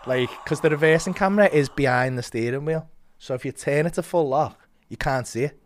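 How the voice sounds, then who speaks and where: A man telling a story as a comedian guest, swearing a lot and acting out quotes with big swings in loudness. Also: on the high side, brisk, slight background noise. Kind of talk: animated storytelling.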